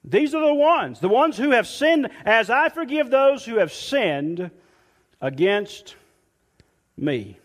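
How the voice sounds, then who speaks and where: Male pastor, high voice, unhurried sermon delivery, long hall reverb. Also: big pitch swings. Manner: slow, emphatic preaching, dropping soft and low on quoted scripture.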